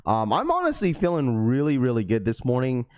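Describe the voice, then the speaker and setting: A man's voice: medium pitch, huge pitch swings, a little fast. Young male streamer, easygoing and upbeat, rattling off greetings to chat. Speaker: live stream host. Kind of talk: casual live stream chat.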